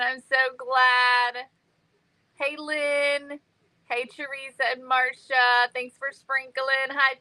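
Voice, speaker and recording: A woman's voice: high voice, pushed and bright, poor audio. A woman hosting a craft live stream, bubbly and chatty, greeting viewers by name. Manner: bubbly and chatty, many ums. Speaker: livestream host.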